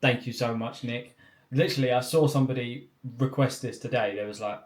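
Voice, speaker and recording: A man's voice: mid-range voice, steady tone, brisk. Easygoing man in an echoey room. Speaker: reaction channel co-host. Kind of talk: casual chat. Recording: roomy echo.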